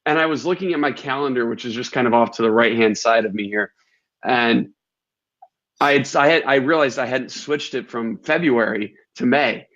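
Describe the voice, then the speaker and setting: A man hosts an interview and talks candidly in a relaxed, reflective way. His voice sits at a medium pitch. The recording sounds dull and lo-fi. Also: normal speed. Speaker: host. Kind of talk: casual interview chat.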